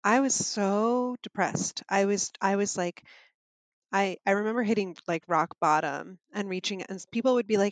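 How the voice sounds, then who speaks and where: Candid, animated woman telling parenting stories. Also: mid-range voice, brisk, dry recording. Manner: candid, animated storytelling with swearing. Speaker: podcast guest, mother of two boys. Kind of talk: casual podcast chat.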